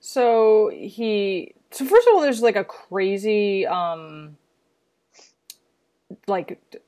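Animated woman cohost laughing and swearing while chatting about a movie. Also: medium pitch, very slow. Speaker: podcast co-host. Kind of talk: casual chat recapping a film.

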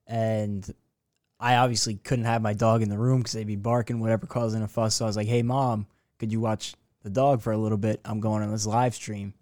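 A man's voice: fairly low pitch, little pitch movement, brisk, a little mellow, dry recording, studio quality. A young man co-hosting a casual sports podcast, laid-back and teasing, telling stories in easy chat. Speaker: podcast co-host.

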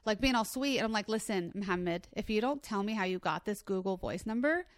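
A woman telling a comedic dating story in casual chat, animated and rambling, swearing and acting out what others said. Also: mid-range voice, fairly quick, no echo, studio quality. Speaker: comedian guest.

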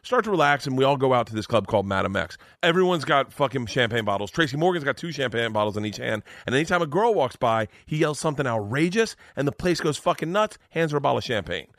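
A male comedian who races through a profane, animated story on a podcast. His voice sits at an ordinary middle pitch. The recording is close and dry. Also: quick pace, few pauses, dry recording. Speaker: podcast guest, stand-up comedian. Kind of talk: comic storytelling.

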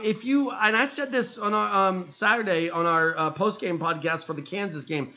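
A man co-hosting a casual sports podcast, telling stories animatedly and getting loud and high when excited. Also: normal speed, few pauses. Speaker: podcast co-host. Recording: muffled lo-fi sound.

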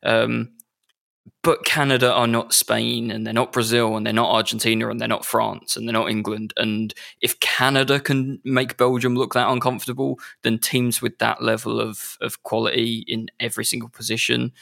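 Gravelly man, flat rambling analysis. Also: mid-range voice, normal speed. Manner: thoughtful, rambling analysis with many restarts. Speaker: podcast co-host. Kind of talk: casual sports chat.

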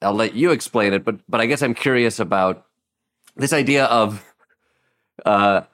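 A man's voice: on the low side, normal speed, fairly bright tone. A male host asking a guest a long question in conversation, repeating words as he works out what he means.

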